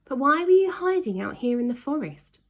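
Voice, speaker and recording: A woman's voice: high voice, very animated, moderate pace, pitched above the performer's own voice. A woman voicing a remorseful, caring older sister in a storybook reading, speaking in an earnest, apologetic way.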